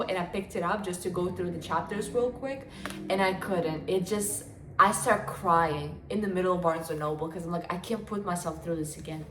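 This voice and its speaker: A woman in her twenties, a book vlogger, chats casually and gushes about books, her speech full of fillers. Her voice is fairly low but fairly bright, recorded in an echoey room with slight background noise.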